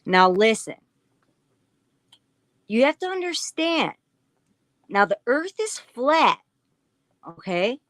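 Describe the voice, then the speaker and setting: A preachy man lectures in slow, insistent bursts, as a woman imitates him. The pitch swings widely and the sound is dry and close. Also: sing-song, a bit bright, no echo, exaggerated voice. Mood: lecturing.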